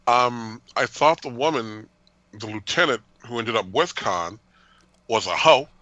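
Male co-host, bright and lively, playful banter, dry mic. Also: mid-range voice, no echo, lo-fi sound. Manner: playful, jokey, quick to laugh. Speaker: podcast co-host. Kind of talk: casual chat.

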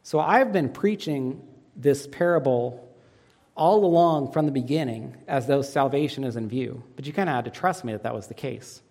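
A pastor preaching a sermon who asks the congregation fill-in questions and swings dramatically in pitch and loudness. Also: male voice, normal speed. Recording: long reverb of a church hall.

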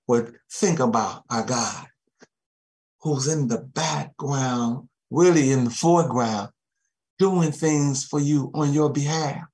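A man preaching a sermon, chuckling often and dropping amens and soft thanks to Jesus between his points. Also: mid-range voice, slow.

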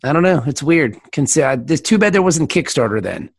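Lively, chatty podcast man. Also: on the high side, gravelly, breathy edge, dry recording. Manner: rambling, laughing, quick to put on silly voices. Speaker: podcast co-host. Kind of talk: casual chat.

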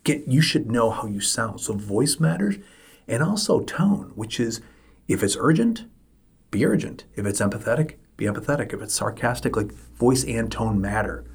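A man's voice: medium pitch, sing-song, normal speed, creaky, husky. A middle-aged man hosting a solo podcast, talking emphatically and repeating his points for stress. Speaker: podcast host.

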